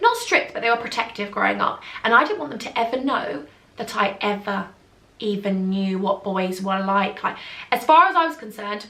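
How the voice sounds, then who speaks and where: Bright, giggly young woman. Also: mid-range voice. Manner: chatty, giggly, acts out voices of others. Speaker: beauty vlogger. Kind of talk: casual storytelling to camera. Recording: echoey room.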